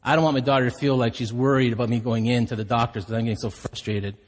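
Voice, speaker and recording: A man's voice: medium pitch, fairly even intonation, fast talker. A middle-aged man preaching a sermon as pastor, telling stories in a candid, self-deprecating way. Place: church hall. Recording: hall reverb.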